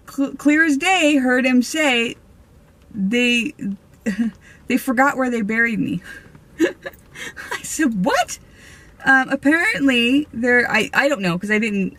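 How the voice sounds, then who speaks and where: Woman, medium-pitched voice, casual ghost story vlog, animated, laughs a lot, frequent ums and restarts. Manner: animated, laughs often, many fillers and restarts. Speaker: spiritual medium vlogger.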